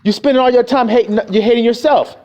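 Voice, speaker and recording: A man's voice: very high-pitched, fast talker, darkish tone, dull audio. A man preaching a profane, confrontational street sermon, scolding his listeners.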